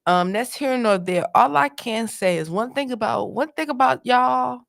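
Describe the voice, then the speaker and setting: Woman, show host, casual joking commentary, exclamatory, gravelly fry. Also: a little high, normal speed, fairly bright tone. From North Carolina.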